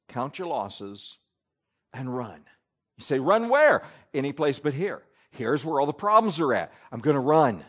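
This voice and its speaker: In a high-pitched voice, a man preaches forcefully, swinging from loud statements down to murmured asides.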